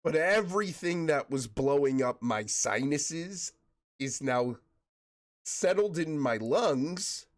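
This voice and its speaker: His voice sits on the high side, with lively intonation and a slow delivery. The man is streaming a game, chatting casually, joking and calling out viewers by name. A chest cold he's recovering from makes him cough.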